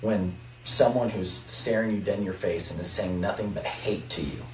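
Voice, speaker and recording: Young male athlete guest, deep and earnest, recorded off-mic in an echoey room. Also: moderate pace, a little mellow, faint music behind. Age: young adult. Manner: earnest, testifying. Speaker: college basketball player. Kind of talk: faith-focused podcast chat. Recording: roomy, distant mic, faint noise.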